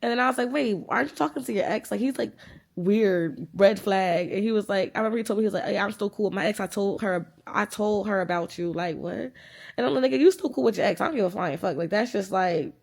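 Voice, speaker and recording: A woman in her twenties vlogging, animated and profane as she retells an argument and acts out the quoted dialogue in a casual storytime chat. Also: mid-range voice, fairly quick. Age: 20s.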